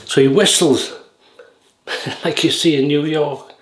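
A man's voice: fairly high pitch, steady tone, slow pace. A man chatting casually while shaving, telling rambling stories that often lose their thread. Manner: rambling, anecdotal, chuckling, loses his thread. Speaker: shaving vlogger. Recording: roomy with faint noise.

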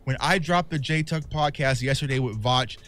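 A man who makes sports videos speaks to his fans in a mid-range, slightly bright voice at a moderate pace. In this emotional vlog monologue he's candid and impassioned, referring to his audience as "y'all."

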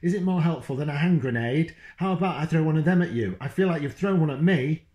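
A man voicing an angry mother who shouts at her husband, seething and close to tears, read in a roomy room. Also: mid-range voice, very animated, moderate pace, dull audio, voice pushed up, natural voice. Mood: furious. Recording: roomy echo.

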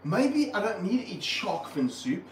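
A man with a fairly high voice speaks earnestly and passionately about animals as a wildlife presenter on a livestream. His voice sounds set back from the mic, with a roomy echo around it. Faint background hum sits underneath. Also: unhurried, recorded from a distance. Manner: earnest, passionate, animated while handling snakes. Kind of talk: casual livestream talk.

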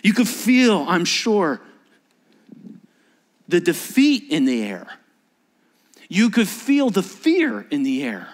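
A man's voice: high voice, wildly swooping pitch, slow, pauses often. A man preaching a sermon in church, dramatically acting out the voices of the people in his story. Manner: dramatic, acts out quoted disciples with shifting voices. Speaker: pastor.

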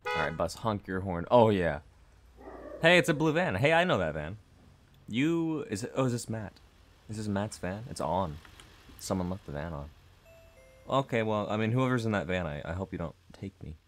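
A man's voice: lowish voice, very animated, normal speed, faint music behind. A young man commentating a horror game, reading dialogue aloud with nervous jokes and laughter. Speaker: gaming YouTuber.

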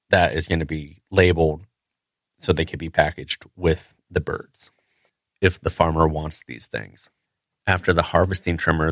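A man's voice: a bass voice, no room sound, studio quality. A man, a butcher hosting a podcast, casually telling how a poultry line works in a matter-of-fact way with frequent fillers. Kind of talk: casual storytelling.

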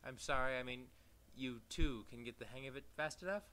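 A man's voice: mid-range voice, brisk, sharp tone, lightly acted. A man putting on a pompous scholarly bird. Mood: haughty polite. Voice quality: snobbish, overly formal.

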